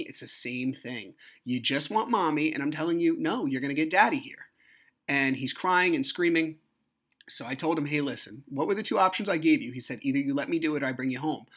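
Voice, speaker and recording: A man's voice: medium pitch, a bit bright. Frank, heated man recounting a custody clash. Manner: frank, profane, heated retelling. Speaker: podcast host. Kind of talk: personal storytelling monologue.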